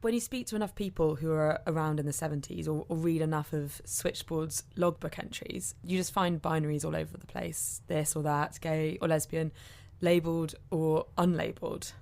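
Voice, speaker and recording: A female podcast host with a very low voice narrates from a script, thoughtful and explanatory. Her voice carries a lot of gravelly fry. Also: steady tone, normal speed, darkish tone.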